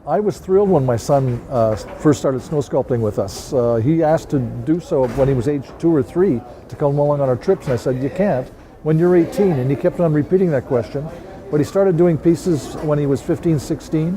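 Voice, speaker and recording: A middle-aged man talking in a documentary interview, hesitant and pausing often on "uh". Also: fairly high pitch, warm tone, slight background noise. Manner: hesitant, many "uh" fillers. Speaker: snow sculptor.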